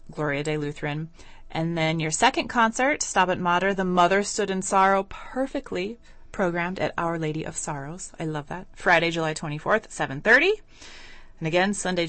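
A woman hosting a radio interview in a studio, enthusiastic and quick to laugh. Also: fairly low pitch, a bit bright, dry recording. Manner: bubbly, enthusiastic, laughs easily. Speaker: radio host. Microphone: studio microphone.

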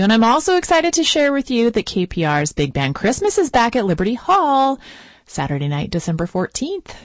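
A woman hosts a classical music hour on public radio, chatting with enthusiasm and laughing easily. Her voice sits a little low for a woman. She is recorded close and dry in a radio studio. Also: no room sound. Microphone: studio microphone.

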